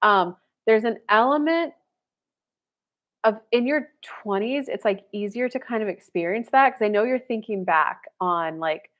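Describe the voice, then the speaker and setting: A woman's voice: medium pitch, unhurried, a bit bright. A woman in her thirties, a spiritual dating coach, chatting casually on a live stream and answering viewers, full of "like" fillers and blunt casual swearing.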